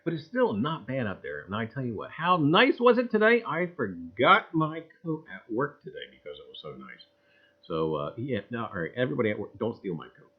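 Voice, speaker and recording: A man hosting a casual livestream, loudly greeting viewers in a sing-song voice and muttering low asides, with "I tell you what" as a catchphrase. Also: wildly swooping pitch, brisk, husky. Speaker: livestream host. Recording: dull, lo-fi livestream audio.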